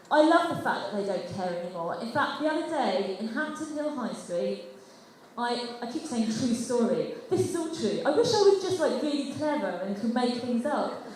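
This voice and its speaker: A woman doing a self-deprecating open mic stand-up set, chatty and laughing through her lines. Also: fairly high pitch. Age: adult past eighteen. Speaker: stand-up comedian. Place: school hall stage. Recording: echoey school hall, faint noise.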